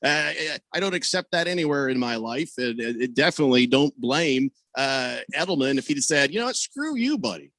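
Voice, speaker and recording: A man hosting a sports radio talk show, telling stories in a lively way and voicing the people he quotes. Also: fairly quick, hardly any pauses, no room sound. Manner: animated storyteller, voices quoted people with big pitch jumps. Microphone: studio microphone over video call.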